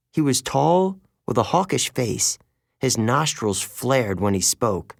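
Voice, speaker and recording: A man reads a first-person audiobook in a wry, conversational way. His delivery is slow and gravelly, with lively rises and falls, recorded dry and close. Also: mid-range voice, no echo. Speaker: audiobook narrator.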